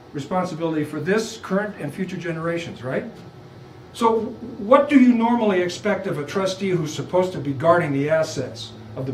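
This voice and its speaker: Animated man lecturing in an echoey room. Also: high voice, slight background noise. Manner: emphatic, rhetorical questions, animated. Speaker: visiting law lecturer. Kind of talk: lunchtime law lecture. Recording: echoey room, far from mic.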